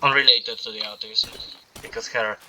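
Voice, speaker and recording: A man's voice: on the low side, fairly even intonation, moderate pace, sharp tone, a little hiss or hum, rough recording. A man giving rambling, opinionated commentary while he plays a video game, often restarting his sentences. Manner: opinionated, meandering monologue with restarts. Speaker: gaming streamer.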